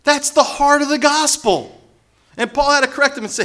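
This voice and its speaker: Man, pastor, sermon, animated, bright tone, acts out quotes. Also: very high voice, fairly quick. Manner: animated, acts out quotes, jokes, rises to loud emphasis.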